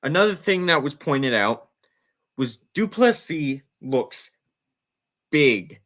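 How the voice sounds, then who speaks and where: A man's voice: fairly high pitch, big pitch swings, slow, a bit bright. A man hosting a casual sports talk show, emphatic and incredulous as he breaks things down. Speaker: podcast host.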